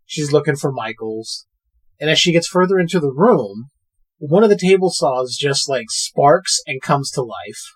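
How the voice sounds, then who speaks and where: Casting note: male podcast host, fairly high voice, loose and chatty, swears freely while recapping. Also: normal speed, slightly rough. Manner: animated retelling, swears freely. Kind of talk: casual movie recap chat.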